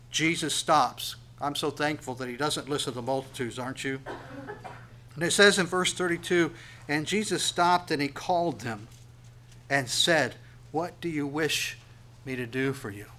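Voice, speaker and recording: A male preacher with a slightly higher voice than most men. He reads scripture slowly and forcefully, then drops into quiet, chatty explanation. His volume rises and falls often. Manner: reads verses aloud slowly, then explains in a plain conversational tone; swings between loud emphatic reading and quiet, dropped asides. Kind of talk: sermon with scripture reading.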